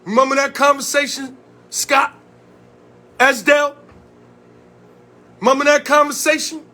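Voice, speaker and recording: This Connecticut man, whose voice is notably high, confronts people in a profane vlog rant aimed right at the camera, repeatedly firing questions like a community organizer calling folks out. He speaks a little slowly, in a level yet sharp tone.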